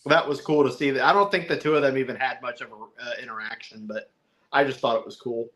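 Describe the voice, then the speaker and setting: A man with a bright, forceful voice talks loosely through a film, rambling and chuckling as he goes. He slips into little put-on voices to act out lines, then drops back into easy chat at a middle pitch. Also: steady tone, fast. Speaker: podcast co-host reviewing a film. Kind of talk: casual chat.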